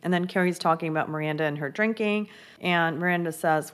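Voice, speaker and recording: Low-voiced chatty woman recapping TV. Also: fairly quick. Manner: chatty, gossipy, lots of "like" fillers. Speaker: TV recap host. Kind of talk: casual episode recap.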